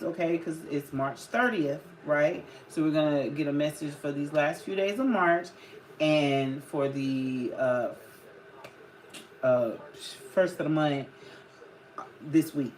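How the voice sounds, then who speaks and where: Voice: mid-range voice, slight background noise. A live-stream host giving a casual spiritual card reading, chatty and loose, talking to viewers in the chat. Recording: roomy echo with clear background music. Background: clear background music.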